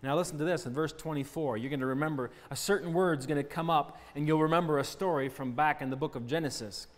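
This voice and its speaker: A man's voice: fairly high pitch, fast. Earnest man teaching a children's Bible lesson. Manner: earnest, explaining, asking children questions. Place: church hall. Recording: long church-hall reverb.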